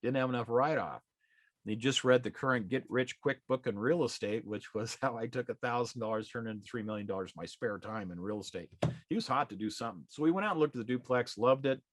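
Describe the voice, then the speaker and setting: Talking fast at a medium pitch, a middle-aged real estate exam prep instructor shares a folksy anecdote with his live class and acts out the exchanges. The audio is studio quality with no echo.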